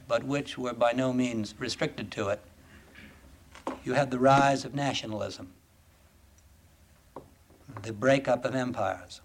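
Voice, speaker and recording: A man lecturing an audience in a deliberate, emphatic way, often asking rhetorical questions. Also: mid-range voice, slight background noise. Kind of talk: formal lecture.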